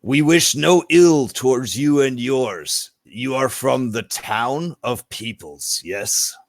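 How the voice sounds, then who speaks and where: A man's voice: medium pitch, creaky, no echo. A solemn lizardfolk hunter in a tabletop game, each formal phrase drawn out and weighed, as a man puts him on. The voice is dry and close, with no room sound. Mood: grave. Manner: slow, grave, measured speech.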